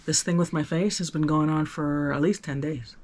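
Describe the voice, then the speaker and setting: A man talking candidly to the camera in a personal vlog, earnest and rambling, with many restarts and sudden swings from soft to emphatic. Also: a little high, fairly even intonation, moderate pace. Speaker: vlogger.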